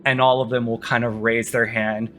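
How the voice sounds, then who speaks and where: Bright-voiced male dungeon master. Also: medium pitch, flat delivery, moderate pace. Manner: casual, with fillers. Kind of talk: narrating a tabletop game.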